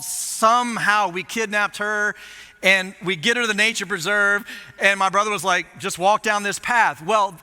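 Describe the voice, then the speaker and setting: Man, pastor, lively self-mocking storyteller, high voice, bright and forceful, long reverb of a church hall. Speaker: lead pastor. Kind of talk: storytelling sermon. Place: church auditorium.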